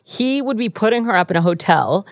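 A woman hosting a true crime podcast, telling the story in a casual, wry way. Her voice sits at an ordinary middle pitch. The sound is dry and close, as if recorded in a small studio. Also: lively intonation, a little fast, no echo. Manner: wry, easygoing narration. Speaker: podcast host. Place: radio studio.

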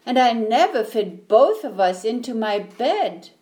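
A woman's voice: a little high, big pitch swings, unhurried, darkish tone. A woman voicing a small, scared young boy in a storybook, with anxious, breathless exclamations. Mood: puzzled.

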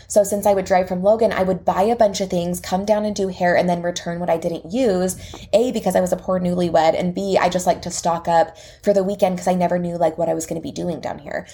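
Low, gravelly young woman telling a story. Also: fairly quick. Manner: lively retelling that acts out quoted dialogue. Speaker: podcast host and salon owner. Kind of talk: casual storytelling.

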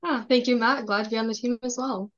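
Young woman from minnesota chatting on a podcast, friendly and even, bit of a dull lo-fi sound. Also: on the high side, quick pace. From Minnesota, USA. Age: 20s. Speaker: guest, government relations assistant. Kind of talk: casual podcast interview.

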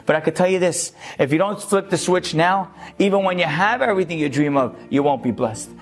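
Rabbi, male, fairly high voice, lively storyteller turning earnest preacher. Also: fairly quick. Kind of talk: short Torah lecture.

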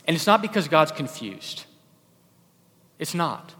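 A man preaching a sermon in a conversational way, swinging from loud emphatic bursts to soft low asides. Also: very animated, unhurried, big-room sound. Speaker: pastor.

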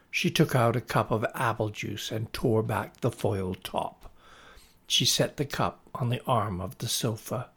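A man reading a story aloud in a slow, deliberate way. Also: medium pitch, gravelly, husky. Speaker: narrator.

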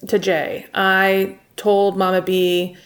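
A young woman speaks as an interview guest, telling her story plainly and candidly. Her voice sits at an ordinary pitch and pace for a woman, steady and unadorned. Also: takes it slowly. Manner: candid and plainspoken, recounting events.

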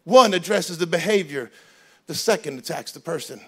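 A man preaching a sermon as pastor in a church, animated and joking, switching between loud emphasis and quiet asides. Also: fairly high pitch, normal speed, gravelly, slightly rough. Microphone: handheld microphone.

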